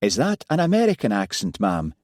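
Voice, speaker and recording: A man voicing an easygoing village constable with a Scottish Highland accent, mild and polite. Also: wildly swooping pitch, fairly quick, darkish tone, dry recording, studio quality.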